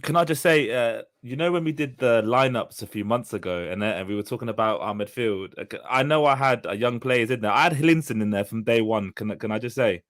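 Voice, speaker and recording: A man's voice: mid-range voice, a little fast, hardly any pauses, a bit bright. A man on a football podcast panel who speaks with enthusiasm and often ends his remarks with tag questions that trail off. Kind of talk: casual football chat.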